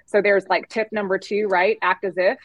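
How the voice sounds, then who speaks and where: A woman's voice: medium pitch, flat delivery, normal speed, dry recording, low-quality recording. Candid woman telling her story on a podcast. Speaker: podcast guest, agency founder. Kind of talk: casual interview storytelling.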